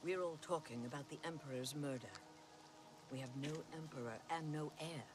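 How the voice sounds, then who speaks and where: A voice actor playing a townsperson in a game, speaking in a flat, matter-of-fact way. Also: mid-range voice, moderate pace, lightly acted. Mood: worried. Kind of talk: scripted game dialogue. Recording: game audio under loud noise.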